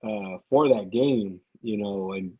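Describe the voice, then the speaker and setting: A man rambles through casual podcast talk, swearing freely and circling back over his own words. His voice is husky and mid-pitched, and the recording sounds dry and a little dull. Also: takes it slowly, no echo. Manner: rambling, profane, repeats himself. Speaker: podcast guest.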